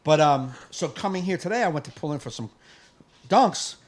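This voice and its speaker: A man co-hosting a live podcast, ranting in casual chat, profane and fired up, with bursts of yelling. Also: on the high side, lively intonation, moderate pace. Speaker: podcast co-host.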